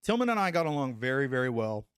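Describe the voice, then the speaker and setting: A middle-aged man and former soldier telling a story on a podcast, animated, acting out what people said and saying "like" often. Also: mid-range voice, fast talker, smooth, dry recording, studio quality. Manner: animated, acts out quotes, says "like" a lot. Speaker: podcast guest, former Army Ranger. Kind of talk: casual storytelling.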